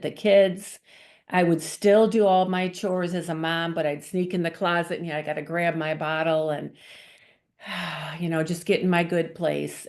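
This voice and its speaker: A middle-aged woman giving an earnest personal testimony, acting out her past thoughts and conversations as she tells the story. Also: on the low side. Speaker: guest sharing her testimony.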